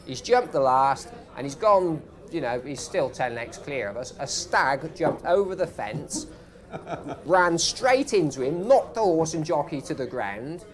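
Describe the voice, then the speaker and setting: A former jockey telling a matter-of-fact racing story to a live audience in a pub. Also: male voice, on the high side, big pitch swings, unhurried. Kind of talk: anecdotal storytelling.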